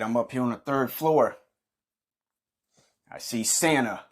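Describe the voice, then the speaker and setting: A man narrating a comic story in a profane, deadpan way. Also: medium pitch, measured pace, pauses often. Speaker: comedian narrating a skit.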